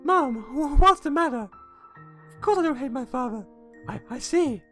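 A man's voice: extremely high pitch, lively intonation, normal speed, fairly bright tone, soft background music, pitched above the performer's own voice. A man doing an earnest young girl's voice. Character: young girl heroine, anxious and earnest.

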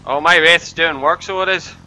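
A man giving loud, profane, excitable commentary over his own gameplay and yelling at opponents. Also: fairly high pitch, moderate pace. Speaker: gaming commentator.

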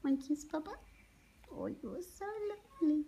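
A woman's voice: high voice, lively intonation, moderate pace, warm tone. A woman talking doting baby talk to her pet parrot, with whispery asides. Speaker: pet owner.

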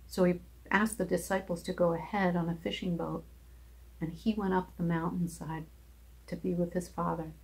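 A woman teaching a children's Bible lesson at a church, telling the story in an animated voice and acting out the characters' lines. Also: moderate pace, creaky, slightly rough. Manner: animated, acts out characters' lines with big pitch jumps.

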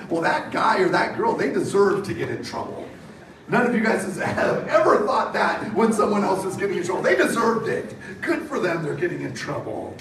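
A man's voice: high-pitched, slight background noise. A middle-aged man preaching a sermon, telling stories and acting out the voices of the people in them. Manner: storytelling with animated quoted voices. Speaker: pastor. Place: church hall. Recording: echoey hall from far off.

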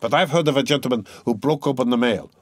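A manipulative gentleman, measured and insinuating, pausing as he picks his words, voiced by a man reading an audiobook. His voice sits at a plain middle pitch. The recording is dry and close. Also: husky, no echo, lightly acted.

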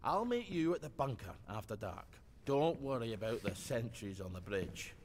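A man's voice: medium pitch, big pitch swings, moderate pace, long reverb tail, noisy background. An actor voicing a lonely older man in a video game who talks to his absent wife, rambling and wistful.

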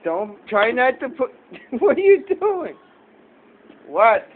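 Dad at home filming his little one, lively sing-song coaxing, lo-fi noisy audio. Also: very high voice, takes it slowly. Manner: coaxing, playful baby talk. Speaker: father. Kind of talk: home video, talking to his toddler. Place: family home, indoors. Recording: tinny phone-like audio, noisy.

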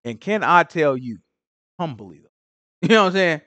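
Animated man teaching scripture, casual slang. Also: on the high side, normal speed, no echo, lo-fi sound. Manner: conversational, repeats "right?", acts out Pharisees in slang. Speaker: Bible teacher. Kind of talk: informal Bible study teaching.

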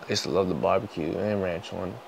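A young man, a vlogger, in casual food-tasting chat, swearing constantly, joking and breaking into loud outbursts. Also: deep voice, fairly quick, gravelly, a little hiss or hum, low-quality recording.

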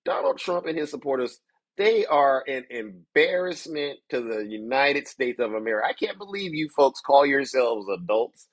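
"Ladies and gentlemen," he keeps announcing, ranting to viewers of his political commentary show in a theatrical, mocking, showman style. His mid-range voice has lively intonation at a normal speed, with no room sound.

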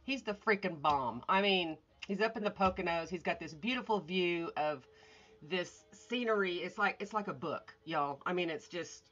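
A woman's voice: on the low side, normal speed, fairly bright tone. A woman chatting casually and scattershot on a morning livestream from home, greeting viewers and swearing offhand. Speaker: artist livestreaming. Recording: dull lo-fi phone audio.

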